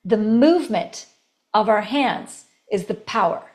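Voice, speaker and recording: A woman voice coach teaching a recorded course, animated, demonstrating tones and laughing between points. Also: unhurried. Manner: animated, demonstrating each tone with shifts in pitch and volume.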